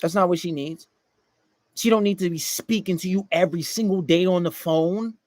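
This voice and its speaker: A man's voice: sits high, normal speed, darkish tone, no echo. A man delivering a blunt, profane dating-advice monologue to male listeners, often mocking the people he quotes.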